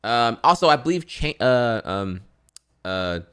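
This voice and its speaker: A man's voice: mid-range voice, very animated, unhurried, a bit bright, smooth. A man from Florida streaming casual reaction commentary, rambling with lots of fillers and swearing.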